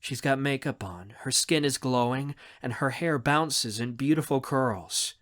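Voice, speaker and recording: A man narrating a young adult audiobook in the first person with an expressive reading. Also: mid-range voice, unhurried.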